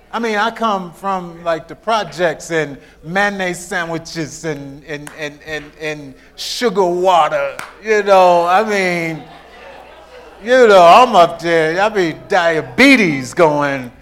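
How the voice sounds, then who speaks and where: A man's voice: sits high, slow, fairly bright tone. A middle-aged man preaching a sermon, mixing scripture with joking, repetitive asides. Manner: storytelling preacher, joking asides, repeats words.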